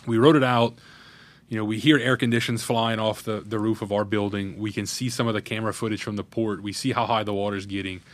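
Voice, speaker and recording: Fast-talking man in his thirties. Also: fairly low pitch, fairly even intonation. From Louisiana, USA. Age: 30s. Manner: earnest, candid, recounting a crisis in detail. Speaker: parish president, podcast guest. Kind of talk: interview storytelling.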